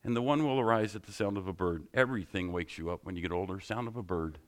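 A man's voice: low-pitched, fast talker. A middle-aged man, a pastor, giving a sermon in a conversational, joking style full of rhetorical questions.

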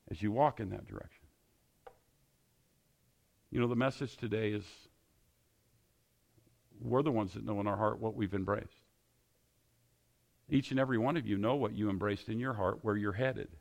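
A man's voice: fairly low pitch, creaky, muffled recording. A male pastor preaching a sermon, pressing his listeners with repeated, emphatic questions.

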